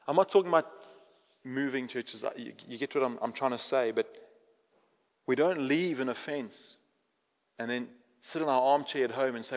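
High-voiced preacher in a reverberant hall. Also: male voice, normal speed. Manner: animated preaching, acting out prayers, dropping to quiet intensity. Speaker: pastor. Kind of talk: sermon.

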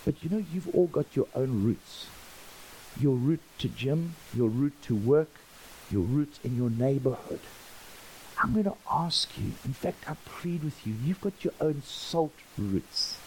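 A man, a pastor preaching a sermon and acting out the dialogue of his stories with lively energy. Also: medium pitch, a little slow, slight background noise, rough recording. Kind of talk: storytelling sermon.

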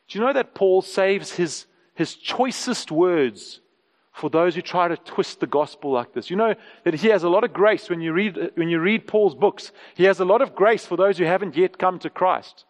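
A man preaching a sermon as pastor, emphatic and repeating words, rising in pitch for stress. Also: normal speed, in a large hall.

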